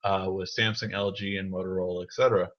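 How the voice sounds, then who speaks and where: A man's voice: sits low, flat delivery, fast. A man hosting a live tech Q&A, casually answering viewer questions with many ums and restarts. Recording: dull lo-fi stream audio.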